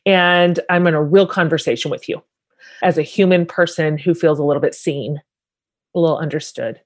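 A woman's voice: low voice, moderate pace. A woman hosting an interview, responding to her guest in an affirming way. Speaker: host. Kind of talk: interview conversation.

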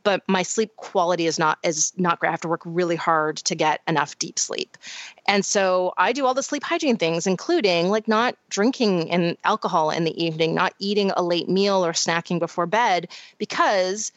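A woman's voice: lowish voice, moderate pace, dry recording, lo-fi sound. Science-minded woman podcast co-host. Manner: explanatory, science-minded, many restarts. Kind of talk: casual podcast chat.

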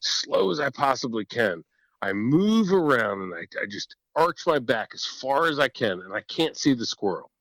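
A man spins a story on a podcast in a lively voice that swings high and low. He is animated and swears freely, often breaking into laughter. His voice sits at middle pitch and is recorded dry and close, with no room sound. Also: normal speed, no echo, poor audio. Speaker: podcast guest or host telling a hunting story. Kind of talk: casual storytelling. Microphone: podcast microphone.

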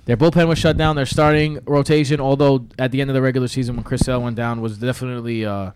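Smooth-voiced man in casual sports banter. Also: mid-range voice, fairly even intonation, fast talker, a little mellow, no echo. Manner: jokey, does mock accents, rambling with fillers. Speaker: podcast co-host.

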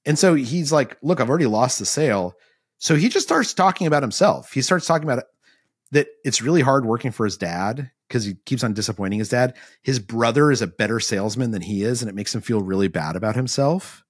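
A middle-aged man, an author guest, telling an animated story in a podcast interview, acting out quotes and using many fillers. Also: mid-range voice, a little fast, slightly rough, dry recording, clean studio sound.

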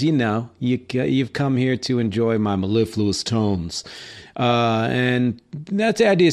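A man hosts his own podcast in a loose, chatty solo monologue. He rambles, fills gaps with "uh," and restarts his sentences. His voice sits at a medium pitch, and he is recorded indoors. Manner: chatty and rambling, with frequent "uh" fillers and self-corrections. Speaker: podcast host.

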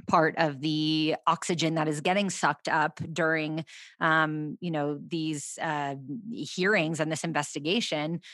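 A woman's voice: deep voice, fairly even intonation, a little slow, a bit bright, no room sound. A woman discussing politics as a podcast guest, conversational with frequent fillers.

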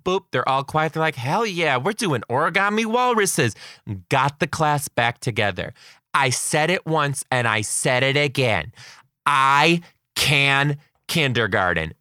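A young man, a kindergarten teacher, telling funny stories from his class in a casual, animated way, swearing and acting out the kids. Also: medium pitch, dry recording, studio quality. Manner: animated, swearing, acts out kids' voices. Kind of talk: casual storytelling.

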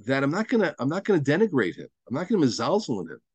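Rabbi teaching a study class; animated, swooping pitch, slightly high voice, emphatic and repetitive, dry close sound. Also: male voice, racing, slightly rough, no echo. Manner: animated, emphatic, repeats words as he builds a point; mixes Hebrew and Yiddish terms into his teaching. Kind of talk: Torah lesson to a study group.

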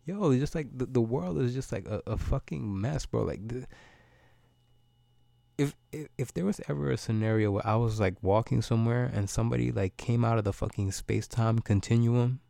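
A man's voice: medium pitch, moderate pace, creaky, warm tone, no echo. A man, hosting a solo podcast and ranting in a loose, profane, rambling way, often repeating words as he goes. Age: 30s. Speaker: podcast host.

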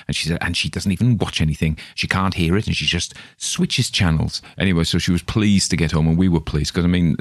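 A man's voice: low-pitched, no echo, studio quality. A middle-aged man, talking through his week in a chatty, self-deprecating monologue full of restarts. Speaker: podcast host. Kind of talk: casual rambling monologue.

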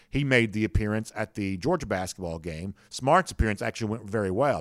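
A man's voice: on the low side, dry recording, studio quality. A man hosting a sports talk show, giving casual, opinionated commentary with frequent fillers and restarts.

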